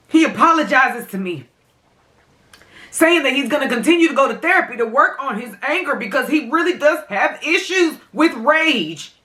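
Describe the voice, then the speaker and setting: A woman's voice: sits high, animated, normal speed, sharp tone. A young adult woman vlogging during a mukbang, talking straight to her viewers in a heated, impassioned way. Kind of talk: emotional mukbang commentary.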